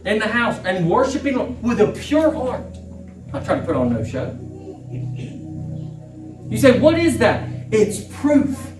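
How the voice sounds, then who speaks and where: A man's voice: high voice, very animated, a little slow, long pauses. A middle-aged man, preaching a fervent sermon as a pastor and repeating phrases for emphasis. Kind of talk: impassioned sermon. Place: church sanctuary. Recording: echoey church room, distant mic, faint music.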